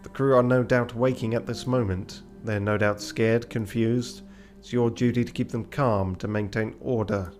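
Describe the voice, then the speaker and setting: A man voicing a calm, measured male ship officer who speaks slowly and softly. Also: mid-range voice, faint music behind, close to an everyday voice.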